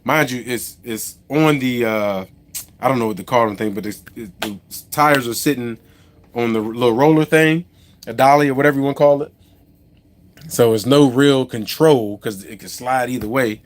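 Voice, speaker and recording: A man's voice: medium pitch, moderate pace. A man who drives a truck and owns a trucking company, telling a story on a casual live stream, rambling with many restarts and asides to viewers.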